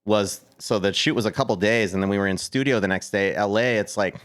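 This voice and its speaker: Podcast guest: thirties man with a North Dakota accent and a lowish voice, telling stories casually. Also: a little fast. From Upper Midwest US. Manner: relaxed, chatty, many fillers and restarts. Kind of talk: casual storytelling.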